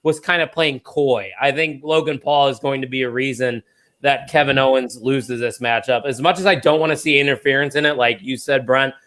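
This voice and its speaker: A man's voice: medium pitch, fairly bright tone. A man hosting a podcast, leading a casual, joking chat. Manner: joking, leads the discussion. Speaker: podcast host.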